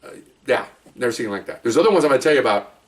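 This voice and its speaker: A middle-aged man spins his police stories at a quick clip, rambling and chatty, breaking off into asides and restarts. He sits a little back from the microphone, so his voice sounds slightly distant. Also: medium pitch, expressive. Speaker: police officer telling stories. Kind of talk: casual spoken storytelling.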